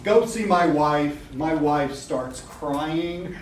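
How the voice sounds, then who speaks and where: A man's voice: a little high, extremely slow. Joking middle-aged man in an echoey room. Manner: candid, joking, swears, laughs often. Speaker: webinar presenter. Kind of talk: casual live talk to an audience. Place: room with a live audience. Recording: echoey room from a distance with background noise.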